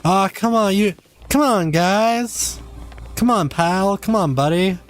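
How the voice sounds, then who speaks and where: A man's voice: high-pitched, animated, takes it slowly. An American man live-streaming a game, chatting casually, swearing freely and reading chat messages aloud.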